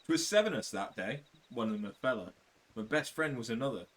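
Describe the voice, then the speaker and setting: A man voicing a grim, weary surviving adventurer, reading game dialogue aloud in a low, bitter, somber way. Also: lively intonation, fairly quick, fairly bright tone, lightly acted.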